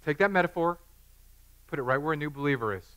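A man's voice: on the high side, animated, fast, pushed and bright. A pastor in his thirties preaching a sermon in a church, joking and conversational.

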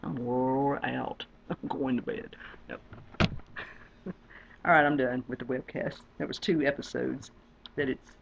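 A woman rambling to her webcam, drawling and swinging from low mutters to loud squeals. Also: steady tone, takes it slowly, vocal fry, pauses often, slight background noise. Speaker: webcam vlogger. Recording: dull lo-fi webcam audio.

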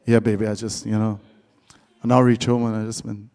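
A man putting on the voice of a smooth-talking man crooning to a lover on the phone. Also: flat delivery, a little fast, mellow. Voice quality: deep, crooning put-on voice.

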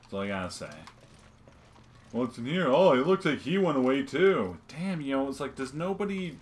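A man's voice: mid-range voice, very animated, normal speed. A man joking and swearing while playing a video game with his mother. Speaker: let's play host. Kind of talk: casual gameplay chat.

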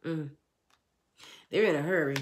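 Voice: medium pitch, unhurried, slight background noise. A tarot reader giving a channeled love reading in a casual, earnest, repetitive way, often speaking for an unseen person. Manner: casual, informal.

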